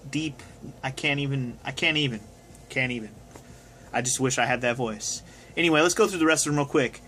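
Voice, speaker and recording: A man's voice: medium pitch, pushed and bright, slight background noise. A young man casually answering viewer questions on his video, rambling and swearing now and then. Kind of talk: casual chat. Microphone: phone camera.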